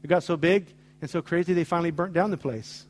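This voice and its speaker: A man's voice: a little high, fast, a little mellow. A middle-aged man preaching a sermon, telling stories with acted-out dialogue in an emphatic way. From United States. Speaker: pastor.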